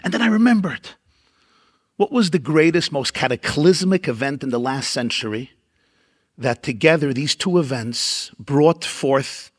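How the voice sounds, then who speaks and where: A man's voice: fairly high pitch, lively intonation, a little slow. A man with a Brooklyn accent delivering a keynote lecture as a rabbi, speaking with dramatic oratory and emphatic repeated lists. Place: large event hall at a dinner.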